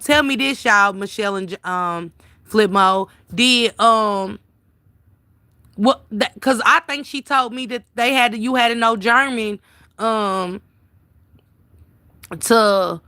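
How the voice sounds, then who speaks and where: A woman runs a casual livestream, reading comments aloud and answering viewers by name. Her voice is bright and forward. The sound is close and dry, with no room around it. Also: fairly high pitch, dry recording.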